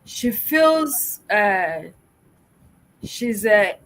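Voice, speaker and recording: A woman's voice: mid-range voice, big pitch swings, drawn-out words, fairly bright tone, rough recording. A middle-aged woman from Nigeria, a public relations expert answering interview questions in an emphatic, exhorting way, full of rhetorical questions.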